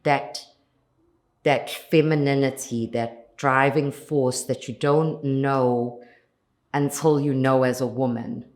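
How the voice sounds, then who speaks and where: Slow, very low-voiced South African woman. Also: fairly even intonation, darkish tone. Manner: earnest, reflective, builds lists of repeated phrases. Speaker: lead actress, interview guest. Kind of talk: interview answers.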